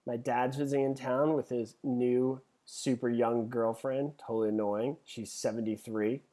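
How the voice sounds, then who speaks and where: A man's voice: mid-range voice, flat delivery, normal speed, warm tone. Chatty man reading quiz questions. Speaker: real estate exam instructor. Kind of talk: live webinar teaching.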